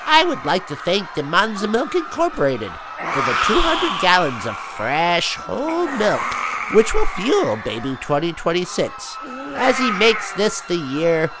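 A man doing a ghoulish shouting horror-host emcee. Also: high-pitched, very noisy, heavily acted. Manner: theatrical, shouting, swooping delivery. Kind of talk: comic horror-host monologue.

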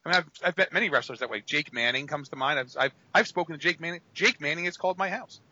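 A man's voice: fairly high pitch, fast, sharp tone, dull audio, slight background noise. A man co-hosting a casual wrestling podcast, telling rambling, profane stories and acting out the quotes. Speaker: podcast co-host.

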